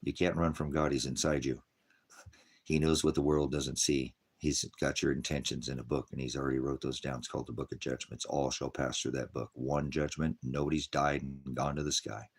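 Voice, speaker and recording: Very deep-voiced rambling male preacher. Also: little pitch movement, fairly quick, slightly rough. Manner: rambling, chuckling, mocking put-on voices. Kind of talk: casual livestream preaching.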